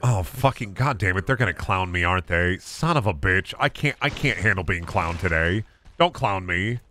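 A man doing casual, profane gaming commentary, breaking into loud angry outbursts and jokey rants. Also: sits low, lively intonation, moderate pace, slight background noise. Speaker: gaming streamer.

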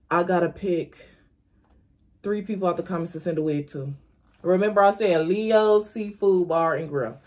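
A young woman, chatting casually to viewers in her vlog from home, talking straight to the camera. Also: fairly low pitch. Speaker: vlogger. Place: at home, indoors. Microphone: camera on a stand.

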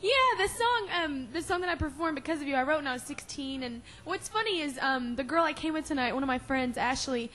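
A woman's voice: sits high, lively intonation, brisk, few pauses, a bit bright. A young woman answering press questions backstage, emotional and crying, laughing often and rambling with fillers. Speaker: award-winning singer at press conference.

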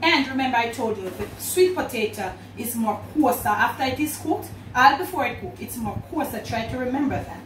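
A Jamaican-accented home cook shows a recipe in her kitchen, talking to viewers like family in a slightly high, expressive voice that moves fairly quickly with hardly any pauses. A distant mic captures the kitchen's echo, clattering dishes and pans, and a little hiss or hum.

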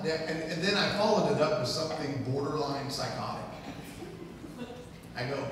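A man's voice: on the high side, a little slow, pauses often, very noisy. A middle-aged man, a guest speaker in a church, telling a self-mocking family story as part of a sermon. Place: church sanctuary. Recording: echoey hall, distant mic.

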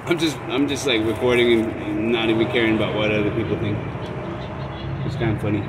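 A man's voice: on the low side, fairly even intonation. A man chatting casually into his phone for a vlog, rambling and restarting his sentences often. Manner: rambling, halting with many restarts. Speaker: vlogger. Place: outdoors at an urban bus stop. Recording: street traffic noise. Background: traffic noise.

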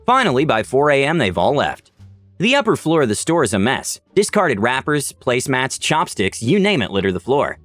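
Man narrating stories with lively pitch. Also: normal speed, no echo, faint music behind. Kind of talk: reading online stories aloud.

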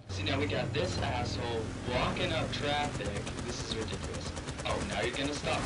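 Excitable young man, far off, buried in noise. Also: lowish voice, moderate pace, hardly any pauses. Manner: excitable, profane and panicky. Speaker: machinima narrator. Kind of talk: comic inner monologue over gameplay. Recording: distant voice under loud game noise.

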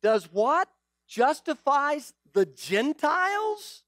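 Guy preaching, super animated voice going up and down, poking fun, pretty dry audio. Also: high-pitched, measured pace, no room sound. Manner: animated, teasing, rhetorical questions. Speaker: pastor. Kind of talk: sermon.

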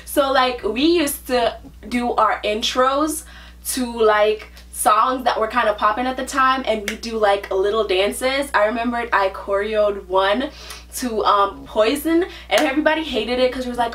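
A young woman in her twenties vlogs casually, her slightly high voice moving at a measured pace as she gets excited and hyped, reacting in slangy terms. She sounds distant, with loud music and a crowd drowning the background.

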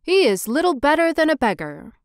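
A man's voice: very high voice, very animated, fairly quick, no echo, studio quality, pitched above the performer's own voice, heavily acted. A woman voicing a pompous, self-important male town mayor in a storybook reading.

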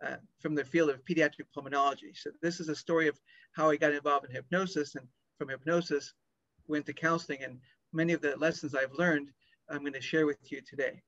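A man in his fifties, a pediatric lung doctor, telling a story with lively acted-out dialogue. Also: a little high, a little fast, no echo. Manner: animated storyteller acting out dialogue. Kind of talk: storytelling talk. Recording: dry, dull lo-fi sound.

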